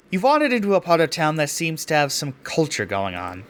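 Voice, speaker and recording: A man's voice: a little high, huge pitch swings, brisk, few pauses. A man reading a visual novel aloud as a let's play host, breaking off for casual, self-deprecating asides with free swearing.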